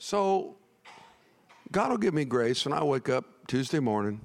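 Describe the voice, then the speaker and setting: Animated male preacher with a lively voice. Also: medium pitch, measured pace, vocal fry, in a large hall. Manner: animated preaching, rises to near shouting. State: tired. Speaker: pastor. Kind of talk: sermon. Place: church.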